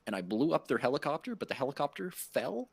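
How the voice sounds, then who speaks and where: A man's voice: fairly high pitch, fast talker, gravelly, husky, no room sound. A man in casual podcast chat, recounting a game mishap with plenty of swearing. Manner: animated gaming anecdote, swearing.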